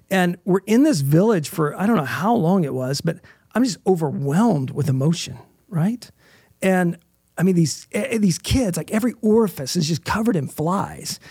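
A man's voice: a little high, warm tone, husky, no room sound, studio quality. A middle-aged man, a guest in an interview, telling an emotional personal story in an earnest way and often checking in with "right?".

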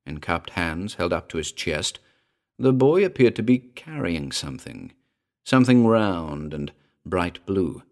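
A man narrating a scripted spooky tale in a measured, wry, theatrical way. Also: low-pitched, very animated.

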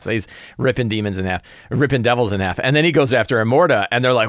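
A man's voice: lowish voice, lively intonation, a little fast, fairly bright tone, no echo, studio quality. A man who runs tabletop games, casually recapping a session and planning the next one, with lots of fillers and restarts. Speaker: game master. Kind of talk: casual game-prep vlog.

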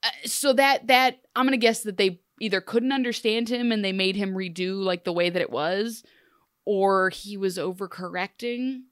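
A woman's voice: mid-range voice, normal speed, a bit bright, clear, resonant tone, no echo, studio quality. A woman co-hosting a casual chat show, speaking conversationally and laughing between remarks. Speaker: podcast co-host.

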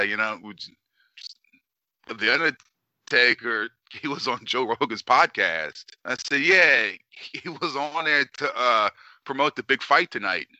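Bright, profane New storyteller. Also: male voice, medium pitch, no room sound. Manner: animated, swears constantly, acts out quotes. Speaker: podcast co-host.

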